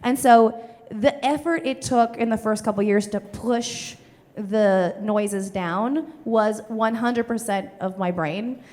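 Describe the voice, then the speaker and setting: Breathy transatlantic-accented woman on stage. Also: slow pace. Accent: cartoonish transatlantic stage accent. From Canada. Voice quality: breathy, low in the mouth, chest voice. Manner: animated explaining, many filler "like"s. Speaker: comedian in character. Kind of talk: stage Q&A with audience. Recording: reverberant theater hall.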